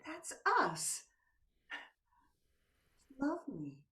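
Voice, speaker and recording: A woman's voice: fairly high pitch, sing-song, extremely slow, pushed and bright, far from the mic, heavily acted. An older woman acting a playful wife who teases and coaxes her husband, in a stage play performed over a video call. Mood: seductive. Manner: coaxing, teasing, drops to whispers. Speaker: actor in a play. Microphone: computer mic on a video call.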